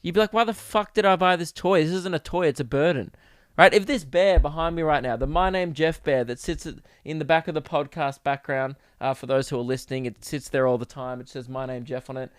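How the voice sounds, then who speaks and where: A young man from Australia rambling through a casual comedic podcast monologue, animated and swearing freely. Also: on the high side, a little fast, clear, resonant tone, dry recording, studio quality. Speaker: podcast host. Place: home podcast setup.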